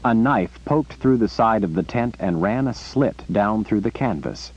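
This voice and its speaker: Brief: man narrating an audiobook, lively delivery, low husky voice, muffled lo-fi sound. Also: measured pace. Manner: animated storytelling. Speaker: audiobook reader. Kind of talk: scripted narration. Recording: muffled lo-fi recording.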